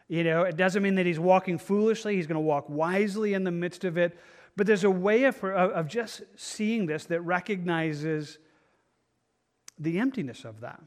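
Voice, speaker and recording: A man with a slightly high voice teaches a Bible study in a relaxed, conversational way. He is earnest and works through his ideas out loud, often stopping and restarting his sentences. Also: moderate pace. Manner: earnest, thinking aloud with frequent restarts.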